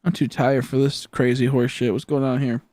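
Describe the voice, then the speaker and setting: A man's voice: medium pitch, level tone, normal speed, warm tone, no room sound. A young man chatting on a gaming live stream, tired and goofy, with silly joking banter. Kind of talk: casual live-stream chat.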